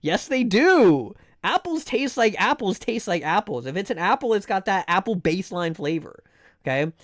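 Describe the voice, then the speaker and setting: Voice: medium pitch, lively intonation, brisk, a bit bright, no room sound, clean studio sound. A young adult streamer chatting casually on a live stream, ranting animatedly and swearing between game guesses.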